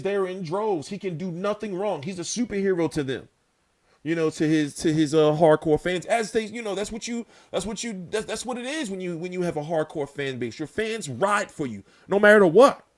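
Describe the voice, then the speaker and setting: Man, casual boxing vlog host, rambly and foul-mouthed, fairly high voice. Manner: loose, rambling, profane, with many fillers. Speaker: boxing commentator, channel host. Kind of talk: casual boxing talk commentary.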